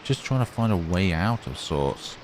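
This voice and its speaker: A man's voice: low voice, sing-song, moderate pace, background noise. A man narrating a horror game playthrough, musing and reading the on-screen text aloud. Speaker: gamer. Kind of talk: let's play commentary.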